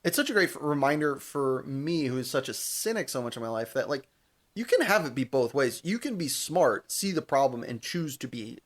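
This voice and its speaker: A young man co-hosting a casual podcast, his voice sitting in an ordinary middle register. He recaps scenes with animated, laughing energy and swears freely as he talks. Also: medium pitch, a little fast. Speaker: podcast co-host. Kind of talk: casual chat.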